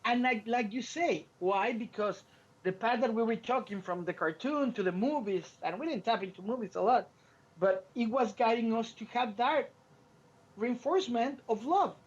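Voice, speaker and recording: Animated storytelling man, lo-fi sound. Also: very high voice, moderate pace, slightly rough. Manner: animated storyteller, acts out quotes, frequent restarts. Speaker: podcast co-host. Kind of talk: casual podcast chat. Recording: lo-fi podcast audio.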